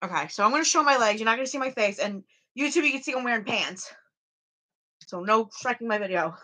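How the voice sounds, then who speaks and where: A slightly high, animated woman's voice, pushed and bright at a quick pace, comes from a vlogger streaming her home workout. She chats casually, rambles, restarts often, and talks to the live chat, all from a small room at home on a camera or phone, in low-quality audio.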